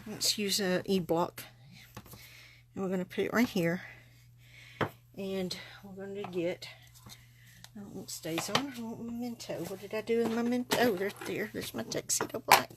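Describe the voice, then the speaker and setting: A woman's voice: mid-range voice, fairly even intonation, moderate pace, long pauses, very noisy. A woman chatting folksily to viewers as she demonstrates card making live from her craft table. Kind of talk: live-stream craft demo.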